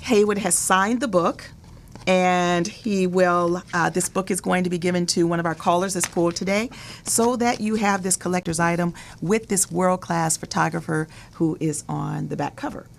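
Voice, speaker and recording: A woman's voice: lowish voice, fairly even intonation, moderate pace, gravelly, slight background noise. Chatty woman hosting a talk show. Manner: chatty, laughs easily, repeats words as she goes. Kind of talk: hosting an interview show with callers.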